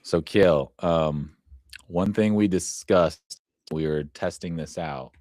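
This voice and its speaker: A man producing and hosting a live show, explaining things in a halting way with many fillers. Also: a bass voice, darkish tone, dry recording, clean studio sound. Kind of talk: live casual show chat.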